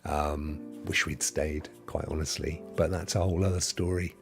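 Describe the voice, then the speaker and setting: Speaking at a moderate pace with fairly even intonation, this man has a very deep voice with vocal fry, and soft music plays in the background. He's a fifty-something from England whose accent mixes Potteries and Sydney, plus some Devon. On his live stream he chats casually, reading out viewer comments in a friendly, meandering manner.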